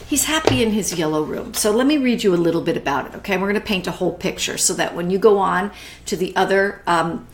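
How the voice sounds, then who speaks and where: A middle-aged woman hosting a live online art class, chatty and warm with viewers, greeting them by name and often restarting her sentences. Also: mid-range voice, fast. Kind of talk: live-streamed casual art talk.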